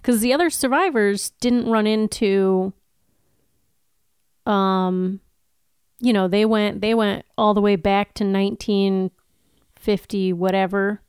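A woman's voice: medium pitch, steady tone, slow pace, long pauses, darkish tone, clean tone, no echo, studio quality. A woman co-hosting a podcast in casual chat, wry and teasing, questioning how the plot fits together. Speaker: podcast co-host.

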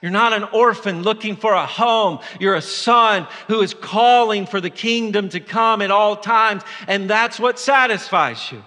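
A man preaching a sermon, moving between impassioned exhortation and quieter personal storytelling. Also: high-pitched, unhurried, few pauses, in a large hall. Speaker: pastor.

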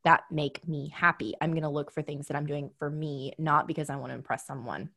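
A woman co-hosting a podcast in casual chat, giving earnest, animated advice. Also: sits low, brisk, vocal fry. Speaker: podcast co-host.

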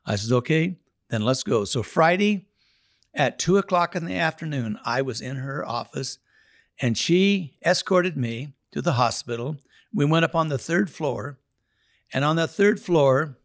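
Man, prison Bible study leader, earnest testimony with repeated words, mid-pitched voice, dry close sound. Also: dry recording. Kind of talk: spoken testimony.

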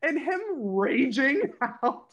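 A woman hosting a podcast in casual chat, expressive and laughing, often slipping into mock voices. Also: high-pitched, takes it slowly. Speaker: podcast host.

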